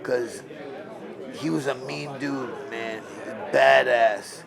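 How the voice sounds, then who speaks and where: A gravelly-voiced man in his sixties tells stories from his boxing days in a blunt, emphatic way, often restarting his sentences. His speech sits at an average pitch. A crowd murmurs around him. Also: drawn-out words. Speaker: former boxer. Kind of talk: interview storytelling. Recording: crowd noise around the mic.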